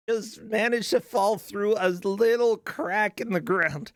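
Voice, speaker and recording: A man's voice: sits high, slow pace, no room sound, faint music behind. A man commentating a live video game race in a casual, chatty, joking way. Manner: chatty, laughs easily, joking.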